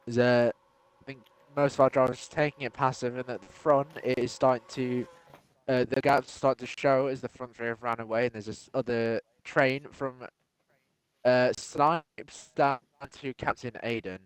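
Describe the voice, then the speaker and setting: A man's voice: mid-range voice, fairly even intonation, moderate pace, smooth. A man co-commentating a sim race live, hesitant with frequent fillers.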